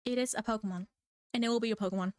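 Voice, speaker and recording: Casting: high-voiced woman, scatterbrained and giggly, chatting away while she sketches; dry, close mic. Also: steady tone, rapid-fire, darkish tone, no room sound. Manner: giggly, scatterbrained, playful, self-mocking; bursts into squeaky exclamations. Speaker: manga artist drawing on stream. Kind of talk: rambling casual chat while drawing. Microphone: desk microphone.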